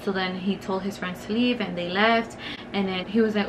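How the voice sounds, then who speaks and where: A woman's voice: mid-range voice, steady tone, fairly quick, noisy background. A young woman, telling a story in casual, profane, filler-heavy talk while doing her makeup on camera. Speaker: beauty vlogger.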